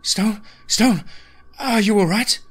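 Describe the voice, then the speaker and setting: A man voicing a frightened young woman survivor, speaking high and urgently in a horror story. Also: takes it slowly, breathy edge. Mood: alarmed.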